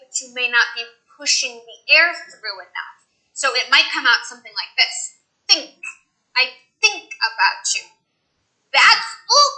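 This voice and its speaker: A young woman with an American accent leads a pronunciation lesson, her voice high and very bright. She coaches in an encouraging, playful way and demonstrates sounds. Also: rough recording.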